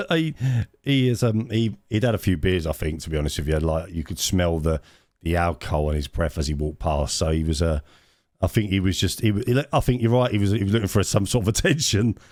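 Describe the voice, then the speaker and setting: Low-voiced man telling a rambling story. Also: brisk, darkish tone, dry recording, clean studio sound. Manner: rambling anecdote with frequent laughs and restarts. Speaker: podcast co-host. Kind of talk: casual storytelling chat.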